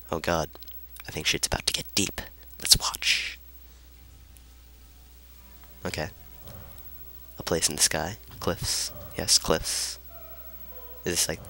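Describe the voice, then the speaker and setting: A man giving casual let's play commentary from a room at home, joking, swearing freely and talking somewhat hushed. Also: low voice. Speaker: gamer.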